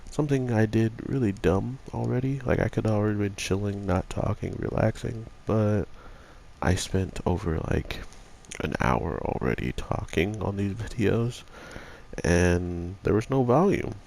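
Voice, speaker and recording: A man reviewing an anime episode in a casual, rambling way full of fillers, his voice rough from being sick. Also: on the low side, a little slow, a little mellow, slight background noise.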